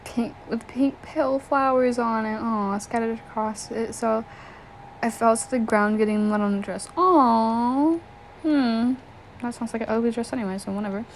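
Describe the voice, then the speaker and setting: A woman's voice: a little high, normal speed, a little hiss or hum, low-quality recording. A young woman reading fan fiction aloud, often breaking off to giggle, react and joke. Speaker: story reader.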